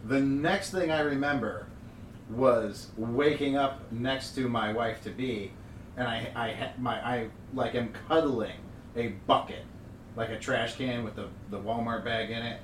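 A man's voice: mid-range voice, a little slow. A man co-hosting a podcast, telling a profane drinking story and acting out the voices in it. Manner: profane, animated storyteller who acts out quotes. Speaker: podcast co-host. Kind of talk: casual storytelling chat. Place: room with an overhead TV. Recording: echoey room, distant mic, faint hiss.

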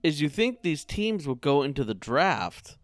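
A young man hosting a casual sports chat podcast, animated and jokey as he tells stories. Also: a little high, unhurried, dry recording, studio quality. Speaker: podcast host. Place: home room with TV on behind.

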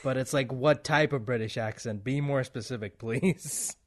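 A man's voice: medium pitch, moderate pace. Rambling male podcast host. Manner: rambling, restarts, laughs between points. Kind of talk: casual podcast chat.

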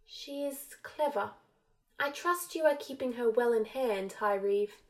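A woman voicing a menacing male dark lord who gives measured, hissing commands. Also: fairly high pitch. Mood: cold.

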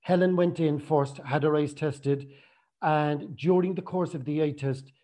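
Man, casual storytelling, animated, slightly high voice, warm mellow tone. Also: a little slow. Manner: chatty, animated retelling with acted quotes.

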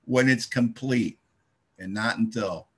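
A middle-aged man with a husky voice speaks to a recovery meeting. He tells his story in a wry, self-mocking way, landing punchy asides at an even, middling pitch. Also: takes it slowly.

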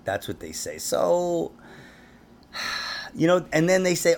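A man hosts a conspiracy podcast in loose, rambling chat and laughs often. His voice is gravelly and sits a little high. He wanders from point to point without hurry. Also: very animated, slow pace, long pauses. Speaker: podcast host.

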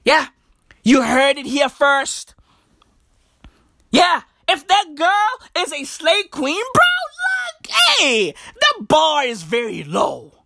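A woman's voice: high voice, sing-song, slow pace, vocal fry, a bit bright, no echo, clean studio sound. A woman delivering a profane comedic rant, mocking and repetitive, hammering lines home with heavy swearing. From South Africa.

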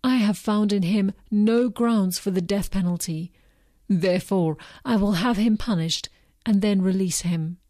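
An uneasy male Roman governor puts his questions in an even, unhurried way, read aloud by a woman. The voice is mellow and warm. The recording is close and dry. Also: medium pitch, no room sound, natural voice. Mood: questioning.

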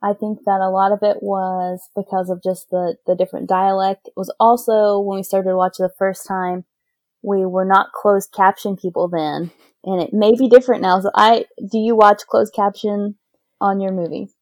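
A woman's voice: mid-range voice, little pitch movement, moderate pace, a little mellow, dry recording. Talkative, teasing woman guest, dry and close. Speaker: podcast guest. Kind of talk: casual podcast chat.

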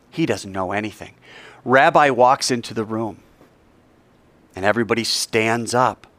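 A man preaching a sermon, telling a story with lively acted-out voices. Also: mid-range voice, dry recording. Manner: animated, acts out characters in his story. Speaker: pastor.

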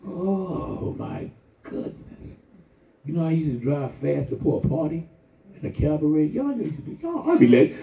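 A man preaching a lively, folksy sermon with call-and-response and shouts to the congregation. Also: a little high, normal speed, vocal fry. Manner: folksy, conversational, acts out quoted voices. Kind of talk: lively Palm Sunday sermon. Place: church sanctuary. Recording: echoey church heard from far off over a tinny line.

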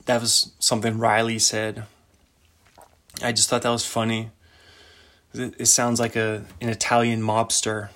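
A man's voice: on the low side, monotone, moderate pace, a bit bright. A man hosting a casual solo podcast, rambling, giggling often and poking fun at himself. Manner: giggly, rambling, self-mocking. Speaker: podcast host.

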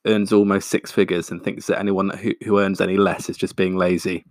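A man's voice: deep voice, flat delivery, fairly quick, dry recording, studio quality, lightly acted. A man voicing a nervous young man who talks in a casual, jokey way.

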